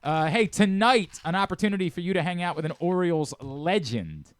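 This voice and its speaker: Sports radio host, male, lively pitch, slightly high, dry close mic. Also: brisk, clean tone, no room sound. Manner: conversational, reads promos. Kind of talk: casual sports radio talk. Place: radio studio. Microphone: studio microphone.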